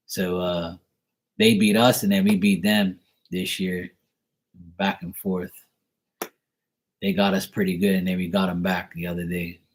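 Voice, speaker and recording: A man's voice: deep voice, little pitch movement, unhurried, long pauses. A man from Bermuda chatting casually on a live stream, rambling and joking as he tells stories. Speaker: live tarot reader chatting with viewers.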